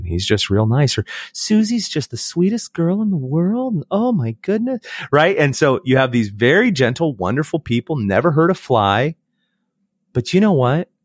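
A man from the United States speaks as a podcast guest, reflective and unhurried. His pitch swings widely as he tells stories and acts out the voices of others. The sound is dry and close. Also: dry recording. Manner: animated, acts out quoted voices. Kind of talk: reflective storytelling conversation.

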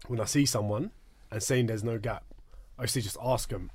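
A man's voice: lowish voice, moderate pace, slightly rough. A man hosting a casual podcast, laddish and loose, swearing and saying bruv and innit. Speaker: podcast host. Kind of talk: casual banter.

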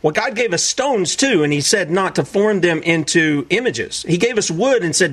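A man preaching commentary on played clips in an incredulous, animated way, often acting out other people's voices. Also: high voice, normal speed, hardly any pauses, breathy edge.

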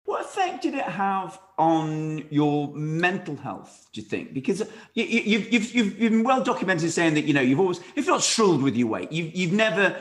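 A man asks questions in a relaxed interview, often restarting his sentences as he goes. His voice is a bit high and swings widely in pitch. His delivery sounds open and conversational. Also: normal speed, hardly any pauses.

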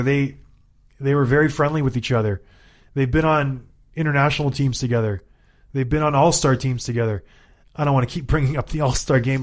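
A man in his thirties, a former hockey player co-hosting a casual sports chat, ranting in an animated, exasperated way and repeating himself for emphasis. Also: medium pitch. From Canada.

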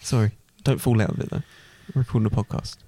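A man's voice: mid-range voice, fairly even intonation, fast, dark tone, husky. A young man co-hosting a casual podcast with his father, full of dry teasing banter. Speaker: podcast co-host, the son. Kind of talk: casual chat.

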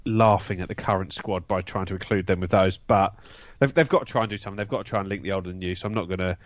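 A man's voice: lowish voice, no echo. A man giving his views on a football podcast, opinionated with stumbling restarts. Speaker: podcast co-host. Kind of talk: casual football podcast chat. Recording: dull, slightly lo-fi sound.

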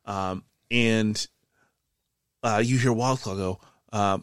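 A man narrating as game master in a relaxed way, full of filler ums. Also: mid-range voice, measured pace, smooth, dry recording.

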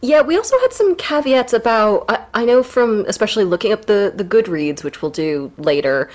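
A woman co-hosting a book podcast, talking in a brisk, blunt, joking way. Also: mid-range voice, expressive. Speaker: podcast co-host. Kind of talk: casual book podcast chat.

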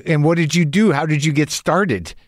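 A man's voice: on the high side, moderate pace, no echo, studio quality. A man hosting a podcast, asking brief, casual interview questions. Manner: brief prompting questions and short reactions.

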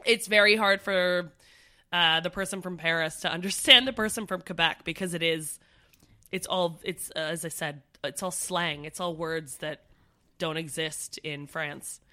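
A woman from Canada co-hosting a podcast, talking in a chatty, animated way with lots of "like" and "um". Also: fairly low pitch, normal speed. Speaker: podcast co-host. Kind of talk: casual chat.

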